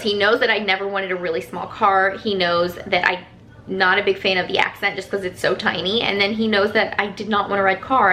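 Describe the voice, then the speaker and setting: Chatty bright-voiced woman vlogger. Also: medium pitch, slight background noise. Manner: chatty, rambling, lots of "like" fillers. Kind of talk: casual storytime vlog.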